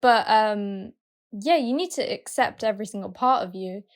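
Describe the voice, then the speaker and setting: A woman's voice: mid-range voice, moderate pace. Earnest rambling woman podcast host. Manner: earnest, rambling, searching for words. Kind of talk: casual chat.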